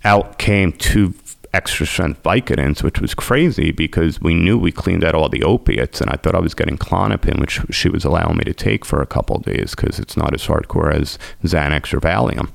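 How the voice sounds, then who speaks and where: A man's voice: very deep voice, expressive, moderate pace, creaky, hardly any pauses, dry recording. A man, a podcast guest, telling his recovery story in an emotional, intense way.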